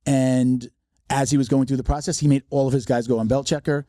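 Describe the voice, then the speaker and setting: Brief: man, mellow voice, dry close sound, rambling casual explanations. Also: medium pitch, fairly even intonation, fairly quick, no room sound. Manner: long rambling explanations, acts out quotes. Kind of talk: casual chat.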